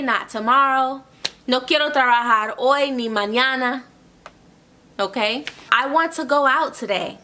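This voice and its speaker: Woman tutor doing an online lesson, bright tense voice, repeats stuff and keeps asking okay?. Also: high-pitched, measured pace. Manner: explains step by step, repeats phrases, often checks in with "okay?". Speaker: Spanish tutor.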